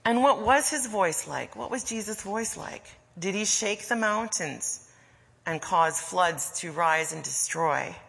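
Slow, husky woman preaching in a hall. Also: medium pitch, animated, fairly bright tone. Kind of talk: sermon.

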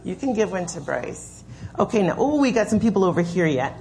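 Gentle woman giving a children's sermon. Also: lowish voice, big pitch swings, a little fast, gravelly. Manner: gentle, patient, explains and gives step-by-step instructions. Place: church sanctuary.

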